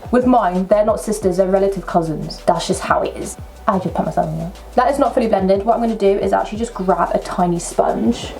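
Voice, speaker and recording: A young woman, chatting her way through a makeup tutorial at home with excitable, self-mocking asides. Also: medium pitch, a little fast, faint music behind. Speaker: makeup vlogger. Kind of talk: casual makeup tutorial chat. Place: at home at a table.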